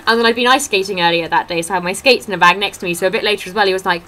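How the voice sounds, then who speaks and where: Girl rambling on her webcam vlog, sharp bright voice, does little voices for people. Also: mid-range voice, very fast, low-quality recording. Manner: chatty storytelling, acting out voices of others. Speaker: vlogger. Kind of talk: casual chat. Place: indoors at a table at home. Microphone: laptop webcam.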